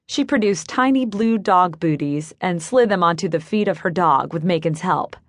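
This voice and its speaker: A woman reading a cozy mystery in first person, even and clear, close to a studio mic. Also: lowish voice, normal speed, no echo. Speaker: audiobook narrator. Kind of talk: scripted first-person narration.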